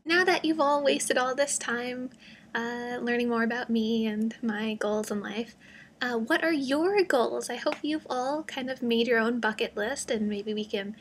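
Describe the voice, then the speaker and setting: A young woman with a fairly high voice chats straight to her camera, rambling and poking fun at herself between plenty of ums and you-knows. Faint background noise hums under the recording. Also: measured pace. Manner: rambling, self-deprecating, many fillers. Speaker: vlogger. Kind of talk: casual vlog monologue.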